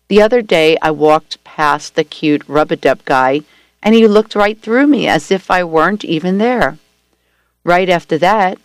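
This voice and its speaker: A woman reading a first-person story aloud at a steady, gentle storytelling pace. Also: sits low, smooth, dry recording. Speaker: story reader.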